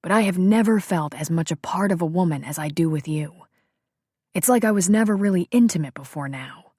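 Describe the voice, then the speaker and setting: A woman reading the part of a tender, confident male lover in an audiobook, with soft, intimate delivery. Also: lowish voice, fairly quick, slightly rough, no room sound, clean studio sound.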